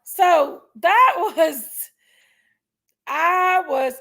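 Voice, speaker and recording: A woman's voice: high-pitched, moderate pace, vocal fry. A woman, chatting casually on a livestream and telling a story. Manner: chatty storytelling, venting, thanks viewers. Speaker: livestream host.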